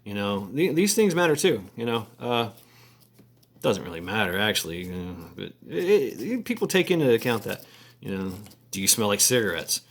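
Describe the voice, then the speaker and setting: A man talking casually to camera in a halting, rambling way, full of fillers, restarts and crude slangy asides. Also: on the low side, very animated. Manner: halting, many repeated words and fillers. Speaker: vlogger.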